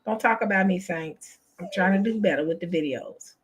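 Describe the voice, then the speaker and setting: A woman's voice: fairly low pitch, fairly quick, a little hiss or hum. A woman, hosting a casual chat for her viewers, exasperated and chatty, calling them y'all. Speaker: channel host.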